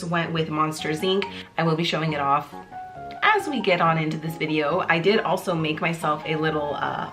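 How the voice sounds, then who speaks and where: Woman vlogger, low pitch, chatty and joking, music playing under her. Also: fairly bright tone. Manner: bubbly, chatty, jokey, with many fillers. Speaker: YouTuber host. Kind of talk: casual chat to camera. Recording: clear background music under the voice. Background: music playing in the background.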